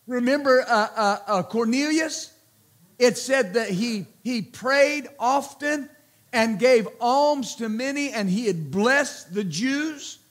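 High-voiced slow-preaching pastor man. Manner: slow, emphatic preaching with repeated words and exclamations. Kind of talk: sermon.

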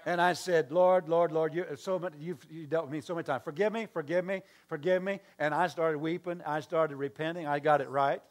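A man preaching from the pulpit in a voice pitched a little higher than most men's. He tells his story by acting out both sides of the conversation and breaks off to toss questions and asides to the congregation. The delivery is a pastor's sermon storytelling. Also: fairly even intonation, brisk, few pauses. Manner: storytelling with acted-out dialogue and call-and-response asides.

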